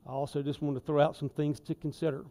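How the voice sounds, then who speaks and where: A man preaching a sermon in a church, folksy and conversational, with emphatic asides and swings in loudness. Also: on the high side, little pitch movement, fast. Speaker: lay preacher. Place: church sanctuary.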